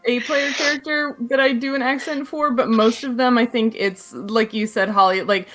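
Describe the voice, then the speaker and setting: A woman's voice: a little high, fairly even intonation, moderate pace, fairly bright tone, faint music behind. Thoughtful woman panel guest. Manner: thoughtful, hedging with "like". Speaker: guest player. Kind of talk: casual panel chat.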